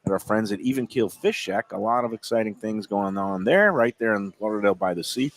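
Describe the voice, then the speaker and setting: A man's voice: fairly low pitch, fairly quick. A man with a New York accent hosting a casual chat about food, reading out deals and details. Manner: chatty, reads out deals and details. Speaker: show host.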